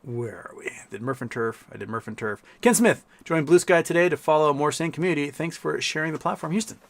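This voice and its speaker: A man's voice: on the high side, fast, creaky. A man hosting a casual livestream who rambles, reads viewer comments aloud and laughs often. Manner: rambling, laughs often, mimics people in quotes. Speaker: livestream host. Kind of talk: casual livestream chat reading super chats.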